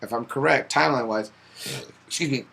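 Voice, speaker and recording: A man's voice: medium pitch, fast talker, vocal fry, pushed and bright. A man co-hosting a podcast in casual pop culture chat, rambling and thinking aloud with many restarts. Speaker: podcast co-host.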